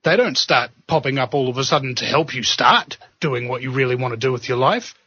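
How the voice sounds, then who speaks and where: A man with a New Zealand accent hosting a talk show, preaching and joking in an animated, casual way. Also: mid-range voice, fairly quick, breathy edge, no echo. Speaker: podcast host. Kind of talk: casual chat and monologue. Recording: dull lo-fi sound.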